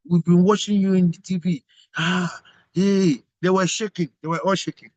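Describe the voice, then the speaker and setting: A man's voice: fairly high pitch, no room sound, poor audio. Male leader, preachy and repetitive, dry close recording. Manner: emphatic, repetitive, rhetorical questions. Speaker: global president of organization. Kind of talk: motivational address.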